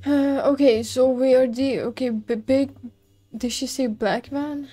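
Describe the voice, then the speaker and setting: Young woman game commentator, casual and giggly, slightly high voice, soft game music underneath. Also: fairly even intonation, unhurried. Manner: giggly, self-mocking, swears casually. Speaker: gameplay streamer. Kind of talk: let's play commentary.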